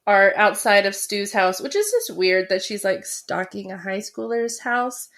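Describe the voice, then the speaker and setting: A woman's voice: mid-range voice, expressive, measured pace, a bit bright. A woman co-hosting a podcast, casually recapping a horror film in a chatty way with many fillers. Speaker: podcast co-host.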